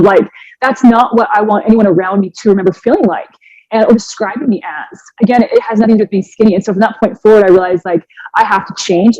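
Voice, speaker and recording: An earnest woman in her forties tells her story as a fitness coach, animated and full of restarts. Her voice sits in the middle range. The recording is close and dry, with a slightly dull, muffled tone. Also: mid-range voice, no echo. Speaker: fitness coach and podcast guest. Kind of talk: emotional personal storytelling.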